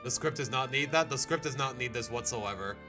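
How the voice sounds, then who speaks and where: A man live-streaming his reactions to videos in casual, animated chat, groaning and laughing as he goes. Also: mid-range voice, a little fast, music in the background.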